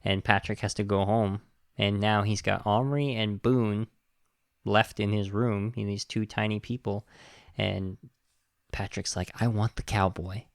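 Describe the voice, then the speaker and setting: A man hosting a podcast, casually retelling a film plot in an animated, indignant way. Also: on the low side, unhurried, vocal fry, clear, resonant tone, no echo, clean studio sound. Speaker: podcast host reviewing a film. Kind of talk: casual film review chat.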